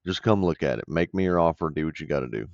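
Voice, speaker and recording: This real estate investor, a man from the American South, coaches his audience through his own phone call with blunt, casual commentary laid over the recording. His very deep voice is animated, fast, gravelly and a little mellow, with no echo in the dull, dry voice-over.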